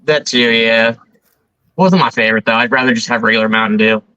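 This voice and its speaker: A man with a bright, forward voice talks casually from his bedroom, hesitant and laid-back with lots of fillers. His mic is dry and a bit muffled. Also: medium pitch, a little fast, dry recording. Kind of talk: casual podcast chat. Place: home bedroom.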